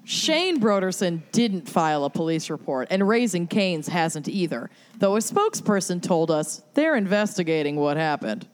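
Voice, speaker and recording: Lively woman reading aloud, laughing. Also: lowish voice, moderate pace, hardly any pauses. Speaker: podcast co-host. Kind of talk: casual chat, reading a blog post aloud.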